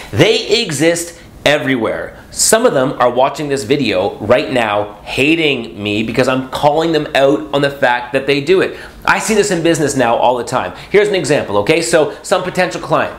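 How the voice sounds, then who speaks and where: A man speaking as a motivational speaker in a vlog, sarcastic and jokey, breaking into sudden loud high bursts. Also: echoey room. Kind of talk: animated vlog monologue.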